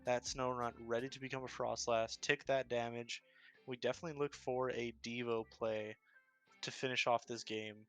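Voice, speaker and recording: A man with a bright, forceful voice calls an online card game match, walking through each play with upbeat analysis. Soft music plays faintly behind him. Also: mid-range voice, level tone, normal speed. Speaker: esports caster. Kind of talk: casual game commentary.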